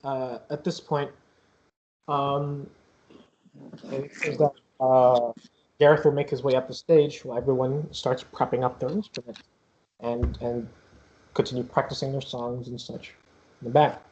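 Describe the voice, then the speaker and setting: A man's voice: medium pitch, little pitch movement, unhurried, pauses often, a little mellow, lo-fi sound, a little hiss or hum. A man narrating as game master of a tabletop game, rambling with many fillers.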